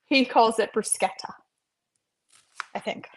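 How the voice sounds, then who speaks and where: Woman, middle-aged, chatty livestream cook, slightly high voice. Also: slow. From North Carolina, USA. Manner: chatty, greets viewers by name, playful sing-song asides. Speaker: cooking livestream host. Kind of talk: casual live-stream chat while cooking.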